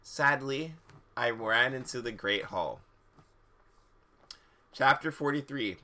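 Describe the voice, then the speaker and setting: A man's voice: medium pitch, slow pace, bright, forceful tone. A man reading fan fiction aloud on a live stream, breaking off for sarcastic, incredulous asides. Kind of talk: mocking dramatic reading with commentary.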